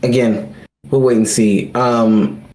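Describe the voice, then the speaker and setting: A man's voice: medium pitch, fairly even intonation, slow pace, crowd noise. A man co-hosting a casual sports podcast, talking bluntly and profanely with firm opinions. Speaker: podcast co-host.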